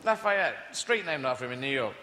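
A British man doing stand-up comedy on a large stage, animated and mocking, swearing freely. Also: fairly high pitch, a little fast. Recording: echoey hall, loud crowd noise.

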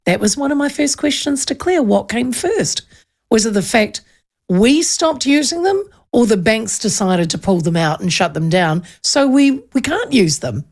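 A woman's voice: fairly high pitch, sing-song, moderate pace, a little mellow. A woman, hosting a radio show in casual, rambling chat. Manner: chatty, rambling storytelling with many restarts. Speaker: radio host.

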